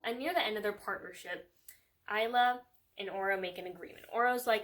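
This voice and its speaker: A woman's voice: medium pitch, brisk, a bit bright. A young woman reviewing a book in a casual, sarcastic chat, with lots of "like" and frequent laughter. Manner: chatty and sarcastic, fills with "like", laughs often.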